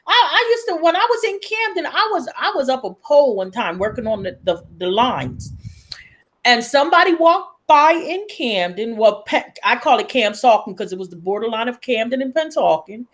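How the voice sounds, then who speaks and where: A woman taking part in a group video conversation, telling a story from her working life with animated, acted-out dialogue. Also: a little high, normal speed, poor audio. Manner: animated, acts out dialogue in different voices. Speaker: panel guest.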